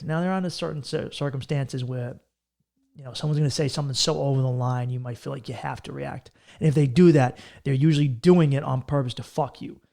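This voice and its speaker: A man's voice: medium pitch, gravelly, mellow. A man hosting a podcast, giving casual advice in a blunt, profane and emphatic way. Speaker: comedian and podcast host.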